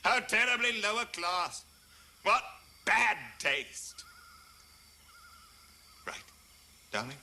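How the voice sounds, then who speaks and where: A man's voice: mid-range voice, very animated, unhurried, pushed and bright, slight background noise. A man playing a scornful, sarcastic host. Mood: sardonic. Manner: sardonic, mocking rant. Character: scornful wealthy male host, bullying and sarcastic. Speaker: dinner party host. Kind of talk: film drama acting.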